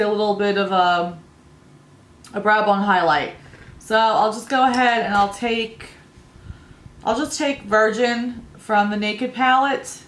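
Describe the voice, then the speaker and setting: A woman's voice: mid-range voice, a bit bright, roomy sound. A woman in her thirties chatting through a makeup tutorial, rambling and telling family stories as she goes. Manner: rambling, storytelling, laughs at own stories. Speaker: beauty vlogger.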